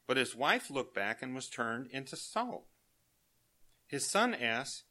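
An older man preaching to his congregation in a relaxed, storytelling way. His voice is bright and forceful at a middle pitch, and he chuckles as he softly imitates children's words. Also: slow pace. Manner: folksy, chuckling, quotes children in soft voices. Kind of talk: sermon with personal anecdotes.

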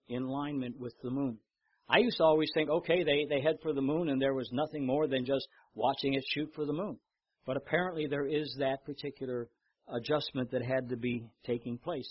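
An older man preaching a sermon, telling stories with lively repetition and reading scripture aloud. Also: medium pitch, husky, muffled recording. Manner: storytelling, animated in anecdotes, repeats words. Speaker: pastor.

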